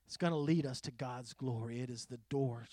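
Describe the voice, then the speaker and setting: A middle-aged man preaching a conversational sermon, animated and full of quoted asides. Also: mid-range voice, a little fast, dry recording, studio quality. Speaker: pastor.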